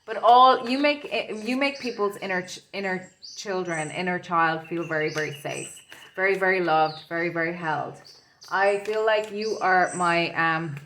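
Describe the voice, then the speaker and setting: A woman's voice: on the low side, moderate pace, fairly bright tone, slight background noise. A woman doing an intuitive tarot reading, rambling and searching for her words as she talks. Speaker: tarot reader.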